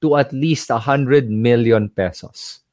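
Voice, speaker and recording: A man's voice: mid-range voice, measured pace, a little mellow, no echo, studio quality. A man as a guest in a casual chat, speaking with confidence and emphasis and acting out conversations as he tells a story. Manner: confident, emphatic, acts out dialogue. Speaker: guest, crypto investor.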